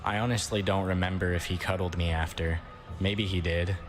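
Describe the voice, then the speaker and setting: Deep-voiced man reading a grim account. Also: fairly even intonation, a little fast. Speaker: narrator. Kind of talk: scripted narration reading a first-person account. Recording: long reverb, faint background noise.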